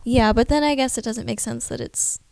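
Gravelly-voiced young woman chatting. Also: a little high, moderate pace, a little mellow. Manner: chatty, hedging with "like" and "I guess". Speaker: podcast co-host. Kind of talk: casual chat.

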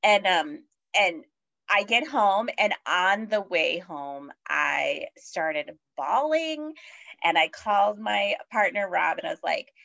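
A woman's voice: on the low side, lively intonation, takes it slowly, gravelly, a bit bright. Chatty woman telling her story, lo-fi. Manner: chatty, many fillers, acts out quoted voices. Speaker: podcast guest. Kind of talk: casual personal storytelling. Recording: dull lo-fi audio.

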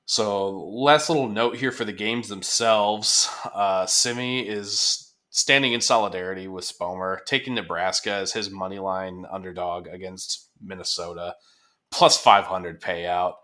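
A man hosting a podcast, chatting casually about sports in a relaxed, laid-back way, with lots of fillers and the odd curse word. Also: low-pitched, unhurried. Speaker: podcast host.

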